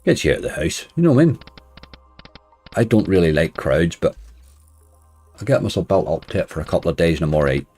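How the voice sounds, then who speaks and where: A man's voice: low voice, sing-song, brisk, long pauses, breathy edge, faint music behind. A man chatting casually on a live stream, greeting viewers and joking wryly while he plays. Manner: wry, laughs softly at his own remarks.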